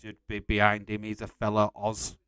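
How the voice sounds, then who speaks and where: Chatty man, smooth dry voice. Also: on the low side, monotone, normal speed, fairly bright tone, dry recording. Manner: chatty, reads out and answers chat messages, laughs often. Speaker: live stream host. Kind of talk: casual live-stream chat.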